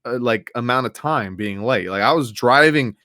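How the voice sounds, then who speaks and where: A man's voice: medium pitch, animated, normal speed, no echo, studio quality. A young man co-hosting a podcast, rambling through stories in casual chat. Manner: rambling storyteller, acts out loud quoted shouts. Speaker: podcast co-host.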